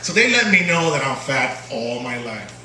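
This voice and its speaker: A man's voice: medium pitch, big pitch swings, normal speed, bright, forceful tone, a little hiss or hum. A man with a Puerto Rican accent doing a stand-up comedy set in a small bar, playful and teasing the crowd. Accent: Puerto Rican Spanish. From Puerto Rico. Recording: distant, echoey bar recording. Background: crowd laughter.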